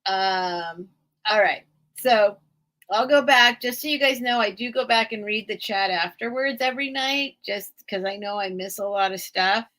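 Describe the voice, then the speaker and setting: A woman hosting a live sale stream, rambling and emotional as she thanks her viewers in halting phrases. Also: medium pitch, sharp tone. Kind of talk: casual livestream sign-off.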